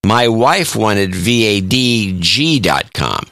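Low, bright-toned male co-host. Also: big pitch swings, slow pace, no room sound. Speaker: podcast co-host. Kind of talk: casual chat, reading listener notes.

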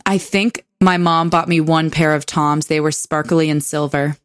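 Young woman podcast cohost, kinda low voice, dry close mic, sarcastic and laughy. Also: steady tone, normal speed, clear, resonant tone, dry recording. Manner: chatty, sarcastic, laughs often. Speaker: podcast co-host. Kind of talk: casual chat.

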